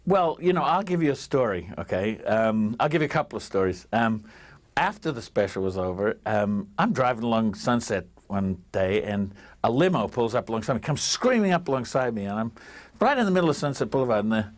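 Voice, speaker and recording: An older man, answering interview questions with animated stories, laughing and acting out the voices of people he quotes. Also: medium pitch, brisk. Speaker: interviewee, writer on a TV special. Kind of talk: anecdotal interview storytelling.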